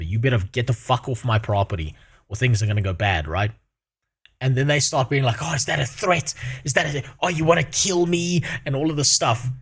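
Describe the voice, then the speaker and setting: A man streaming casually with a sore throat, swearing often and ranting animatedly. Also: mid-range voice. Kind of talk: casual reaction stream chat.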